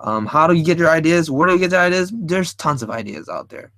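Lively rambling man teaching drawing. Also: fairly high pitch, fast. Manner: rambling, thinks aloud while drawing, playful sound effects. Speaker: art stream host. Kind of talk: casual live drawing tutorial.

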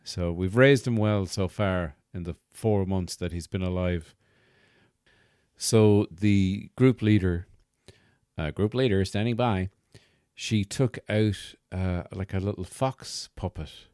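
A man with a fairly low voice hosts a podcast. He tells a comic story in a wry, rambling, self-mocking way. The recording is dry and close. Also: slow, darkish tone, smooth, no room sound. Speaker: podcast host. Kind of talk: comic monologue.

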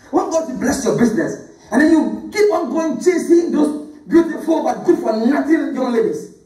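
Pastor guy preaching, loud and repetitive, mic far off in a big echoey church. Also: very high-pitched, animated, normal speed. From Ghana. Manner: emphatic preaching with repetition, calls on congregation to read aloud. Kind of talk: sermon. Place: church sanctuary.

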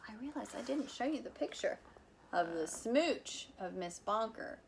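A woman volunteer reading a picture book aloud for children in an animated, playful way, with chatty asides about the pictures. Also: a little high, measured pace, gravelly, a little hiss or hum. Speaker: volunteer reader.

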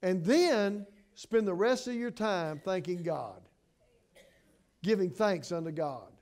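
A middle-aged male pastor preaches a sermon passionately, shifting between hushed and emphatic delivery and frequently restarting words. His voice is high, animated, and slow.

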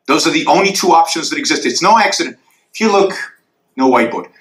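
High, bright-voiced man lecturing emphatically. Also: animated, quick pace, roomy sound, low-quality recording. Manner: emphatic, drawing graphs in the air for the audience. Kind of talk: lecture Q&A answer. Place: university lecture hall.

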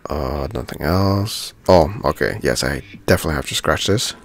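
A man's voice: rumbling low, animated, moderate pace. A man giving casual commentary while playing a video game, thinking aloud and easily delighted by small things. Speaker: gaming channel host.

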